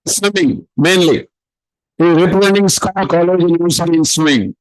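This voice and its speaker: A man's voice: on the high side, a little fast, rough recording. A man acting as emcee, introducing speakers at a community event in a rambling way with many fillers.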